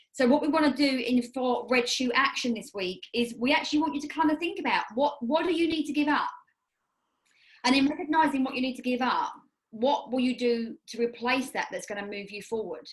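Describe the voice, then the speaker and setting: A woman's voice: fairly high pitch, rough recording. Chatty English woman coaching. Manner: rambling, self-correcting, chatty. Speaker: podcast co-host and coach. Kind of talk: casual chat.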